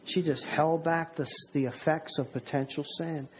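A man's voice: on the high side, steady tone, moderate pace, lo-fi sound, slight background noise. A man preaching a sermon in an earnest, emphatic way, often repeating words and restarting his sentences.

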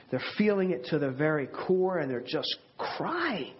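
A man preaching with an earnest, conversational delivery, breaking into rhetorical asides. His voice sits a little high and sounds husky. The recording is muffled and lo-fi. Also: animated, normal speed, hardly any pauses. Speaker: pastor. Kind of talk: sermon.

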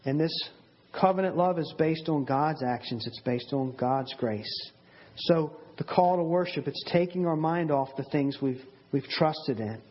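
Earnest preacher man with a husky voice. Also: fairly high pitch. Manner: earnest, emphatic, with repeated words and slow stresses. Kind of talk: sermon. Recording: dull lo-fi sermon audio.

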